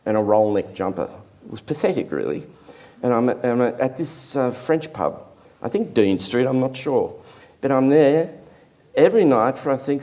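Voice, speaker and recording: An older artist telling a self-deprecating anecdote in a lively, rambling interview manner. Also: male voice, lowish voice. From Australia. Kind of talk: anecdotal storytelling.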